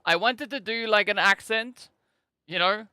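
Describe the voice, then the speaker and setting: A man with a South African accent casting a live esports match in a measured, analytical, easygoing way. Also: high voice, sharp tone, clean tone, no echo. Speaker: esports caster.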